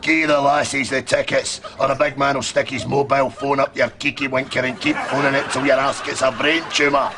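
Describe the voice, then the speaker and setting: An actor playing a crude, menacing Scottish hard man, with a deadpan Scottish accent. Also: mid-range voice, fairly quick, few pauses, noisy background, close to an everyday voice.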